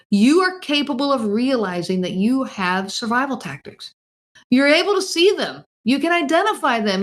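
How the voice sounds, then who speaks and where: Her voice is high and fairly bright as she hosts a podcast. Direct and emphatic, she addresses listeners earnestly, asks them many questions, and often says phrases more than once.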